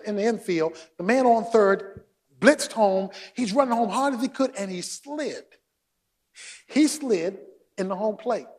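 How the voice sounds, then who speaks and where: A man preaching a sermon, shouting for emphasis and joking with his congregation. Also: high-pitched, husky. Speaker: pastor.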